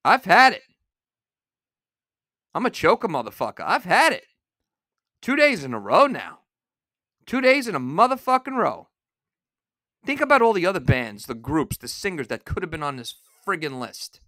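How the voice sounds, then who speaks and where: Angry man ranting, lively swinging pitch. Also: moderate pace, dry recording, clean studio sound. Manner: angry, profane, shouting rant. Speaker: podcast host. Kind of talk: solo ranting podcast.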